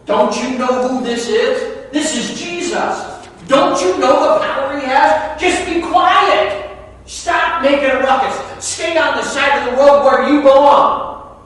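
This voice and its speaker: A preacher takes on a sneering male bystander, mocking and cutting a lowly beggar down to size. The voice sits high for a man and rings out in a very echoey hall. The mic is well back from him. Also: takes it slowly, fairly bright tone, distant mic, exaggerated voice. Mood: scornful. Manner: mocking, belittling, raised voice.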